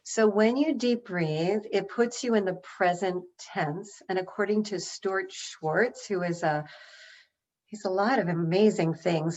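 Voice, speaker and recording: A woman giving an energetic webinar talk, guiding listeners through a breathing exercise by counting. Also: lowish voice. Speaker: speaker. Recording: dull lo-fi webinar audio.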